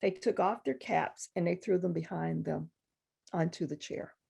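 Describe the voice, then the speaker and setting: Gravelly-voiced woman telling a story. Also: on the low side, moderate pace. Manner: animated, acts out other people's voices. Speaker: guest poet at a university reading. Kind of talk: conversational storytelling.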